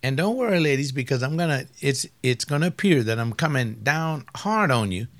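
A man's voice: mid-range voice, lively intonation, a little fast. Emphatic man giving relationship advice. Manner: emphatic, addresses the audience directly. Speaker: marriage counselor. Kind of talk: lecture on relationships.

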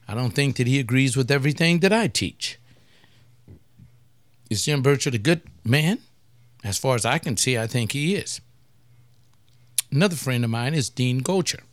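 Blunt older pastor hosting a webcast. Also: male voice, mid-range voice, no room sound. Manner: blunt and provocative, rambling asides. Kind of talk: casual talk-radio monologue.

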